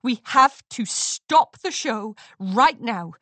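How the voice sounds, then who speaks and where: A woman's voice: high voice, lively intonation, unhurried, fairly bright tone, no echo. A woman doing a firm young pony leader. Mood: urgent. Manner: firm, commanding. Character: take-charge young mare pony, firm. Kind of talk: storybook reading.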